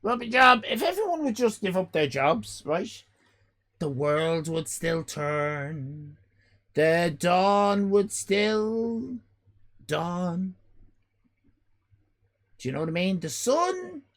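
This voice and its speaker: An Irish man in his fifties hosting a live stream, loud and exclaiming, swearing and joking as he reacts to chat. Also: sits high, very animated, takes it slowly, pauses often. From Ireland. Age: 50s. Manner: loud, exclaiming, swears and jokes, rambling restarts.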